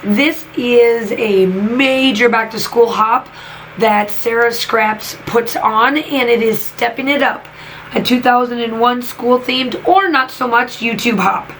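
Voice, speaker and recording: A woman's voice: a little high, slow pace, a bit bright, a little hiss or hum, rough recording. A woman, chatting enthusiastically while she crafts and talks to her channel, with many fillers. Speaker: craft YouTuber and teacher. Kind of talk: casual crafting vlog voice-over.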